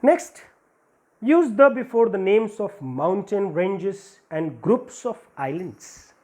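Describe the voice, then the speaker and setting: A man teaches a grammar lesson for school students. He goes patiently, repeating points and listing example after example so that each rule is clear. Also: high voice, sing-song, slow, a little mellow.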